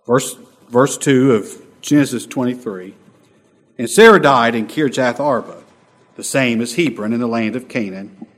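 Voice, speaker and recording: A man preaching a sermon as a pastor, swinging between loud emphatic lines and soft, quiet asides. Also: mid-range voice, measured pace, big-room sound.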